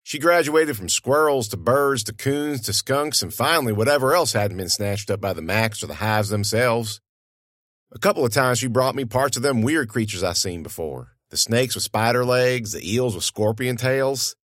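A man's voice: mid-range voice, expressive, moderate pace, fairly bright tone, no room sound, studio quality. A man narrating an audiobook in a folksy, conversational storytelling manner.

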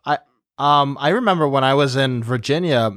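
A man with a mid-pitched voice muses his way through a conversation, tossing in jokey asides. Each recorded word sounds dry and close to the mic. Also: normal speed, a bit bright, dry recording. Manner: joking asides, musing and digressive. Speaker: podcast co-host. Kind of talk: casual chat.

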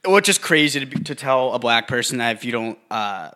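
A man's voice: medium pitch, lively intonation, fairly quick, sharp tone. A man co-hosting a casual podcast, joking in a laid-back way and stumbling over his words. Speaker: podcast co-host.

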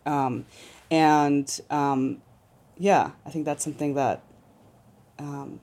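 A woman guest on a podcast, speaking hesitantly with many pauses. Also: deep voice, steady tone, warm tone. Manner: hesitant, halting. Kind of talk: casual chat.

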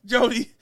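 A man hosting a casual podcast chat with friends, joking and quick to laugh. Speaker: podcast host.

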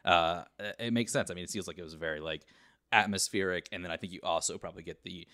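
A woman's voice: extremely low pitch, quick pace, a bit bright, dry recording. A woman co-hosting a podcast in casual chat, giving short replies and dry teasing remarks. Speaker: podcast co-host.

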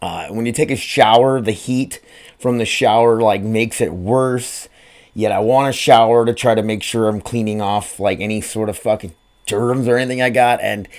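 Man, casual solo podcast, rambling and cussing, middle pitch. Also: a little mellow. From Grand Forks, North Dakota. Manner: rambling, profane, self-deprecating. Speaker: podcast host.

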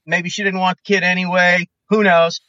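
A comedian guesting on a podcast, talking in an animated, opinionated way and acting out quoted voices. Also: male voice, high voice, normal speed, no echo, highs cut off. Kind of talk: casual podcast chat.

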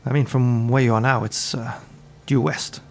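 Gravelly-voiced man as game master. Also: mid-range voice, fairly even intonation, normal speed. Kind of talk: narrating and voicing characters in a tabletop game.

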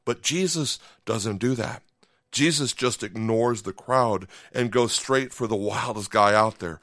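A pastor with a lowish, fairly bright voice preaches a podcast sermon at a measured pace, conversational in style. He acts out short voiced asides and keeps checking in with "okay?". The studio-quality recording has no echo.

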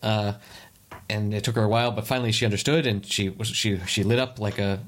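A man's voice: lowish voice, steady tone. A man in casual conversation who makes puns and tells a story with many restarts. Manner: wry, punning, halting storyteller. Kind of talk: casual chat and anecdote.

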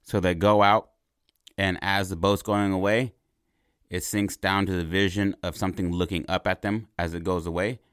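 A man casually pitching a movie idea as a long story, rambling and animated, repeating words and checking in with "right?". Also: normal speed, smooth, dry recording, studio quality.

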